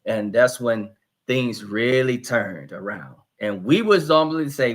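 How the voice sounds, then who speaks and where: A man, a pastor, hosting a live church discussion and telling a story in a lively, animated way. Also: medium pitch, unhurried. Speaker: pastor and host.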